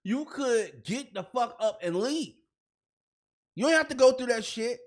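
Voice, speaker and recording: A man's voice: very high voice, expressive, measured pace. A man co-hosting a comedy podcast, ranting in a heated, profane way and repeating himself when fired up. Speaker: podcast co-host.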